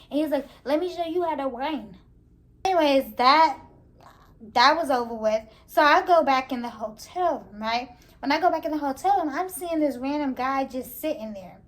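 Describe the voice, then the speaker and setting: A young woman vlogger telling a casual, animated storytime, laughing and slangy as she goes. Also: high voice. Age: young adult.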